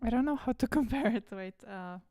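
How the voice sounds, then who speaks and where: A woman music producer thinking aloud as she works, musing and correcting herself, with soft asides. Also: a little high, animated, a little fast. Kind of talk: casual think-aloud commentary while producing.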